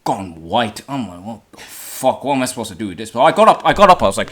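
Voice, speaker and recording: A young man hosting a podcast, telling a story in casual chat with lots of swearing and sudden high-pitched outbursts when he quotes himself. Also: big pitch swings, quick pace, few pauses, fairly bright tone, slightly rough. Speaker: podcast host.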